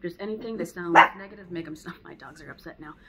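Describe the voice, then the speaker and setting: A woman's voice: on the low side, fast talker, a crowd in the background, low-quality recording. A woman teaching dog training in a casual, conversational way at home. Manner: conversational, acts out dog and owner voices. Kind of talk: casual spoken lesson.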